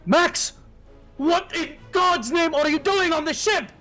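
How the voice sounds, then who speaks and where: A man's voice: very high voice, slow, bright, forceful tone, faint music behind, voice pushed up, exaggerated voice. A man voicing a fierce ship captain who barks orders and swears at his crew during battle. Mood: urgent. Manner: barking, cursing orders.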